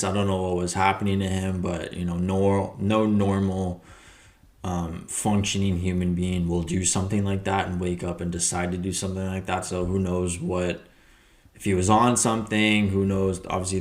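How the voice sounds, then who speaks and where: A man hosting a reaction video, commenting casually and haltingly, often searching for words. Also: low-pitched.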